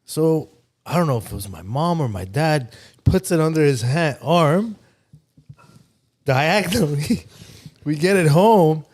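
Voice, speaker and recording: A man's voice: a little high, measured pace. Man telling stories with laughs. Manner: animated storyteller who laughs through his stories. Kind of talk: casual chat.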